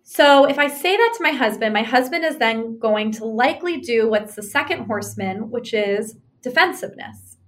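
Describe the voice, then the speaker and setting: A woman's voice: on the high side, normal speed, hardly any pauses. A woman, in the role of a relationship counselor, explaining couples advice conversationally, acting out example arguments and often checking in with "right?". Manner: animated, acts out example arguments.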